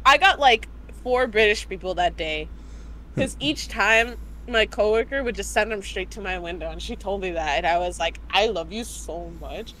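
An American woman co-hosting a casual podcast, animated and exclaiming as she retells a story from work. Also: mid-range voice, moderate pace, slight background noise, low-quality recording. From United States. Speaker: podcast co-host.

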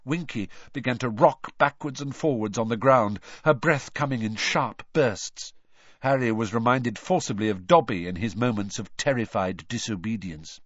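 A man reading an audiobook aloud with expressive, lively storytelling. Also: mid-range voice, moderate pace, no room sound. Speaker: narrator. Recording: dry, dull lo-fi recording.

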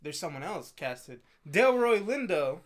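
A man's voice: fairly high pitch, big pitch swings, unhurried. A man co-hosting a podcast in casual chat, teasing his partner with joking mock threats. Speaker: podcast co-host.

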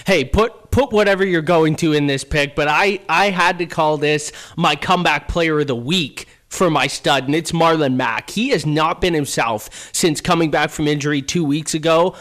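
A man's voice: on the high side, normal speed, few pauses, a bit bright. A man co-hosting a casual sports podcast, talking in a brash, confident way. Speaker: podcast co-host.

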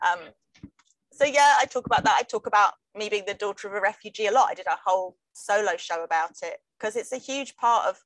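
A middle-aged English woman, a comedian, talking in a wry, jokey way with quick asides in casual conversation. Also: mid-range voice, a bit bright, no room sound, poor audio. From England. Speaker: comedian guest. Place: London.

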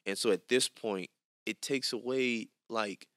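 Laid-back young man with a low voice. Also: a little slow, a bit bright, dry recording, clean studio sound. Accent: Louisiana. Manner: laid-back, joking, lots of fillers. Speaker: podcast host. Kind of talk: casual chat.

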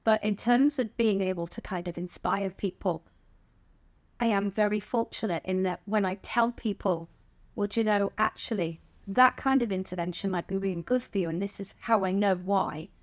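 Here a stand-up comic from England, a middle-aged woman with a southern English accent, talks openly as a podcast guest. Her voice sits in the mid range and moves at a normal speed, and the frank interview is peppered with casual swearing and frequent laughter.

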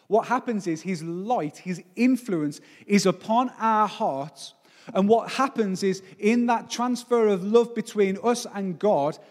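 A man's voice: high voice, a little mellow, in a large hall. A forty-year-old man preaching a sermon as pastor. He speaks with emphasis and often puts rhetorical questions to the congregation. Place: church service.

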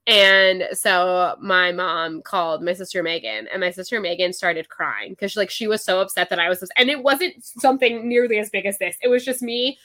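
A young adult woman co-hosting a book podcast, chatting in an animated, exclamatory way with frequent laughs. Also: lowish voice, normal speed, few pauses. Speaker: podcast co-host. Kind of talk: casual book-club chat.

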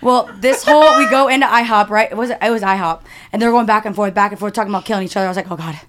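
A woman's voice: mid-range voice, very fast, noisy background. A woman retelling a story in a blunt, brash manner in a casual chat.

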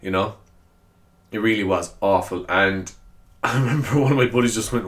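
A man's voice: on the low side, normal speed, pauses often, fairly bright tone. A man hosting a solo podcast, chatting casually in a rambling, self-deprecating way and laughing often. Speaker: podcast host.

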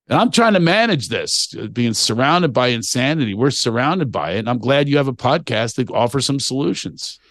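A man's voice: mid-range voice, very animated, moderate pace, few pauses, a bit bright, no echo, studio quality. A man, a stand-up comedian, talking as a podcast guest, ranting with mocking asides and acting out quotes. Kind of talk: animated podcast conversation.

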